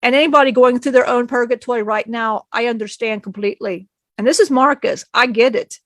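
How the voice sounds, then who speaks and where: Woman, high voice, rambling emotional story, channeling, dry close sound. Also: brisk, fairly bright tone, no room sound. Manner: rambling, quotes others, laughs often. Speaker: channeler speaking as a spirit.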